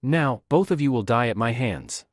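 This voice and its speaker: A fierce young fighter, read by a male narrator, speaks with intensity in a comic recap. His pitch moves around a lot over a middle range, and the sound is dry. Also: animated, moderate pace, dry recording, natural voice. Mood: intense. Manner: protective, intense.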